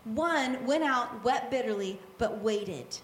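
A woman preacher giving an animated, conversational sermon, with quick asides and repetition for emphasis. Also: a little high, roomy sound, a little hiss or hum.

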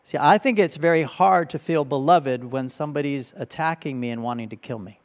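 A man's voice: medium pitch, brisk. A male pastor giving a conversational sermon, often checking in with his listeners by asking "right?".

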